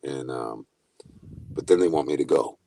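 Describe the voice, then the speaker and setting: A man's voice: very deep voice, normal speed, mellow, recorded from a distance. A middle-aged man chatting casually, rambling and swearing, laughing as he tells stories. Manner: rambling, profane, laughing often. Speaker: livestream chat guest. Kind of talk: casual chat. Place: in a car, then at a house.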